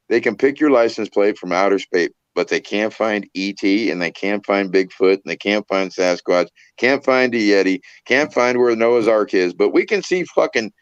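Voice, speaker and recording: A man's voice: fairly low pitch, no echo, highs cut off. A man hosting a casual livestream chat on his phone, rambling, joking and swearing as he goes. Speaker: host of a trucking livestream. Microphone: phone held in hand.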